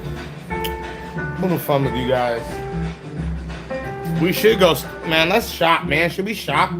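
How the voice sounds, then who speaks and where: A man's voice: fairly high pitch, animated, slow pace, over loud music. A man hosting his own show, talking in a brash, profane and boisterous way and often laughing. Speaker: show host. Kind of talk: casual reaction commentary.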